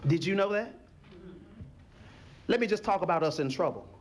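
A high-pitched male pastor preaches at a moderate pace in a church sanctuary. His sermon is animated, full of acted-out voices for little scenes and back-and-forth calls with the congregation.

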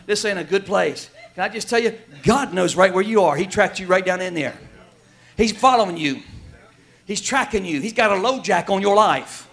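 High, bright-voiced preaching man. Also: expressive, normal speed. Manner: emphatic and folksy, shouting at peaks, then dropping quiet. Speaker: pastor. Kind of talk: sermon.

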